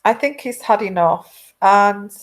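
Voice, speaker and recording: A woman giving a casual intuitive tarot reading, rambling with many halting restarts. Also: mid-range voice, animated. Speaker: tarot reader.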